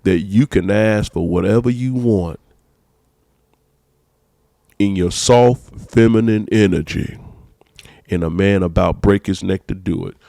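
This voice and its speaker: A man's voice: low voice, a little slow, gravelly, long pauses, dark tone, no room sound, studio quality. A man, a pastor hosting a podcast, preaching emphatically in casual talk and repeating his phrases.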